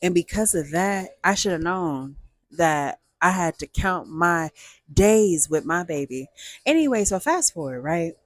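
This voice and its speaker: Animated woman telling a storytime. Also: on the low side, a little slow, dry recording, studio quality. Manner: animated, oversharing, playful sound effects. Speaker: storyteller host. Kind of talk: casual storytime vlog.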